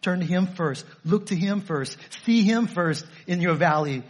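A man's voice: high-pitched, normal speed, few pauses. A male pastor preaching a sermon, emphatic and repetitive, firing off rhetorical questions.

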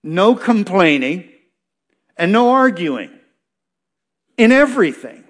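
Male pastor, slightly high pitch, expository sermon, emphatic and repetitive delivery. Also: very animated, slow. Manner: expository preaching, reads verses then explains, emphatic repetition.

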